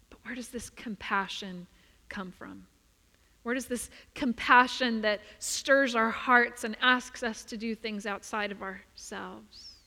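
Woman preacher telling a story in church, bright ringing voice, long echo trailing off. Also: mid-range voice, gravelly. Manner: expressive, dropping to soft emphasis. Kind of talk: sermon with storytelling. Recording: long reverb of a large hall.

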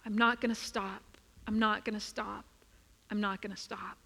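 A woman's voice: medium pitch, level tone, moderate pace, gravelly, fairly bright tone. A woman voicing a determined young man who refuses to stop and talks firmly and insistently in a sermon story. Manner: firm, insistent. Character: determined young man, a weary water-carrier. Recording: reverberant hall.

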